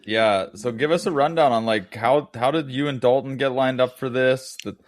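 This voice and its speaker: A man hosting a hunting podcast, steering the talk in a relaxed, swearing casual manner. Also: mid-range voice, moderate pace, dry recording. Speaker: podcast host. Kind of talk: casual chat.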